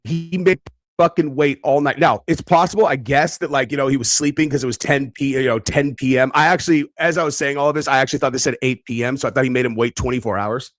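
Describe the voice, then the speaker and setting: Man, casual commentary, profane, boastful, bursty fillers, mid pitch, dry. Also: fast, hardly any pauses, no room sound, faint music behind. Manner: talks in bursts with frequent fillers. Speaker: online commentator.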